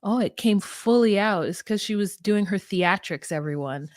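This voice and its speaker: A woman's voice: mid-range voice, lively intonation, no room sound, clean studio sound. A woman co-hosting a podcast, recapping reality TV in a playful, theatrical, casual chat over a home mic. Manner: playful, theatrical, quick asides. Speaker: podcast co-host.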